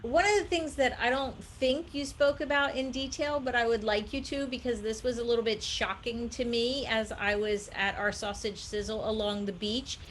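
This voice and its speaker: A woman's voice: a little high, fairly even intonation, normal speed, hardly any pauses, a little hiss or hum. A woman hosting an interview, asking curious questions and passing along questions from viewers. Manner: curious, relaying audience questions. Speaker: host interviewer.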